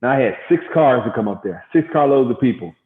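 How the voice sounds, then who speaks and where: A middle-aged man from Gary, Indiana, a former baseball pitcher, telling stories in a casual interview and acting out quotes. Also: fast. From Gary, Indiana, USA. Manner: animated storyteller acting out quotes. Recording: echoey, tinny phone-like sound.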